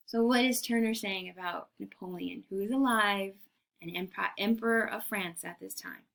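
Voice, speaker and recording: A woman's voice: mid-range voice, moderate pace, vocal fry, fairly bright tone. A woman art history teacher giving a recorded lecture, enthusiastic and full of rhetorical questions to her class.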